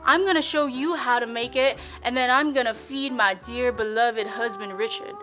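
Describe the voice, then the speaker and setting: Over music, a woman with a fairly high voice lightly acts the part of a chipper 1950s Minnesota housewife, using a put-on old-fashioned Minnesota accent at a moderate pace. In this comic cooking demo she presents a recipe in character, sweet, prim and folksy, slipping in coy innuendo.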